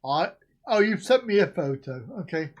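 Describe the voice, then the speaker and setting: A man's voice: a little high, very animated, moderate pace, very noisy. A man from the UK, hosting a casual live stream and joking while reacting to viewer comments.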